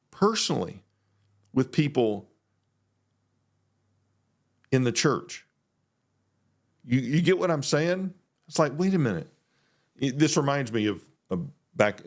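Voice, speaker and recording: Blunt, animated man ranting on a podcast. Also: medium pitch. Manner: blunt, animated, mimics others' voices. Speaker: podcast host, former pastor. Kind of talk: opinionated solo podcast talk.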